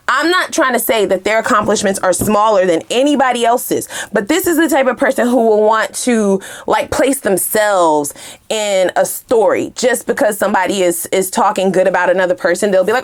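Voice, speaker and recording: A woman giving a casual tarot reading to her viewers in a heated, animated way, swearing freely and speaking straight to the camera with slang. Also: mid-range voice, normal speed. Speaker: tarot reader.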